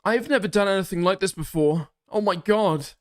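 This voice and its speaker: A man's voice: high voice, moderate pace, pitched above the performer's own voice, lightly acted. A man voicing a nervous, bashful young man who acts falsely innocent, in a mocking tone.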